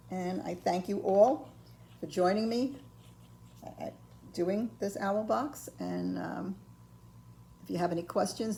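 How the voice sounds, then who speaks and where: An older woman giving a patient, step-by-step ceramics painting lesson, filling pauses with ums and okays. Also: on the low side, gravelly, warm tone, slight background noise. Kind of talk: step-by-step craft tutorial.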